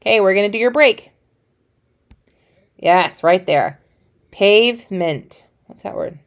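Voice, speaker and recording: This is a woman teaching a phonics lesson to young children on a recording. She talks in an upbeat, encouraging way, praising often and adding small playful asides, in a voice of ordinary middle pitch. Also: lively intonation, a little slow.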